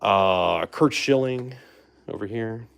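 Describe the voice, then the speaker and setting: A man hosting a live stream, chatting casually and making relaxed asides to his viewers. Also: lowish voice, takes it slowly, vocal fry, smooth. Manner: chatty, relaxed, trails off with fillers and asides to chat. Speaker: livestream host opening baseball card boxes.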